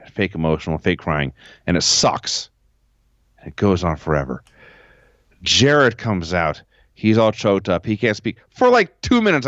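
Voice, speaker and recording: A man's voice: lowish voice, no echo. Sarcastic man on a dull home mic. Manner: sarcastic, deadpan recapping. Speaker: podcast co-host. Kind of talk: casual chat.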